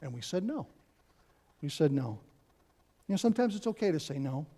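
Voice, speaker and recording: A man's voice: on the high side, sing-song, fairly quick, dark tone, breathy edge. A middle-aged man, a pastor, preaching a conversational sermon in a church, repeating key phrases and adding asides. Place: church sanctuary.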